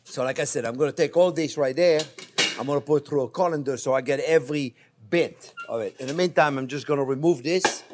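An older man with a French accent, a chef chatting warmly through a cooking demonstration and calling viewers his friends. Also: fairly high pitch, fairly quick, noisy background. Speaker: chef host.

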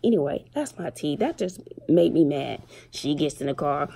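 A middle-aged woman and mother chatting casually to her viewers, telling stories with slang and animated retellings. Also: sits low, moderate pace, creaky, breathy edge. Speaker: vlogger and single mother. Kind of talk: casual chat to camera.

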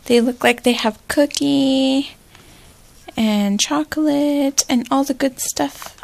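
A woman vlogger chatting casually through an unboxing, gushing and excitable, with squealing exclamations. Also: sits high, slow pace, creaky, slight background noise.

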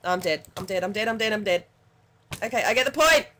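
An Australian woman commenting on her gameplay in a casual, excitable way, muttering to herself between sudden yelps. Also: mid-range voice, fairly quick, slight background noise. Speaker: gaming channel host.

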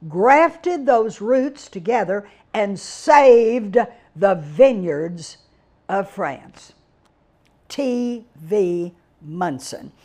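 An older woman from Texas, giving a digressive storytelling lecture with dramatic exclamations and drawn-out words. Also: mid-range voice, darkish tone. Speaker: guest speaker reviewing a book.

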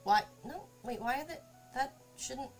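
A woman's voice: high voice, animated, measured pace, faint music behind. A woman streaming from her home craft workspace, chatting casually and talking to her cat while she works. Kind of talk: casual live-stream chat.

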